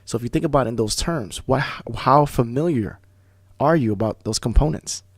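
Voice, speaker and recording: A man hosting a talk radio show, telling stories in a casual, animated way, often restarting words. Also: mid-range voice, dry recording, studio quality. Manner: animated storyteller, fast bursts, repeats and restarts words. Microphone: studio microphone.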